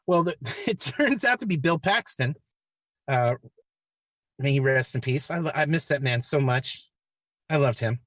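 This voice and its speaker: A man's voice: a little high, normal speed, fairly bright tone, dry recording. A man hosting a podcast, retelling a movie plot in a casual, rambling, profane way with many restarts. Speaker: podcast host.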